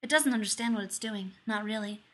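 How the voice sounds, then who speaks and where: A woman reading fiction aloud in a measured, expressive storytelling manner. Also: medium pitch. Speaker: audiobook narrator.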